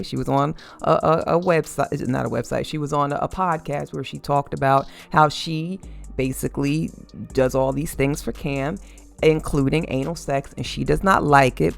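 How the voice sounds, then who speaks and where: A host giving casual opinion commentary on celebrity couples, animated and sassy, mocking fans by quoting them. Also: mid-range voice, vocal fry.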